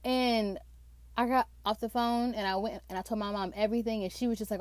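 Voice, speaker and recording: A woman's voice: a little high, brisk, no room sound. A young woman telling a personal faith testimony in a casual, emotional way, often saying "like". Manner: emotional, excited, fills with "like".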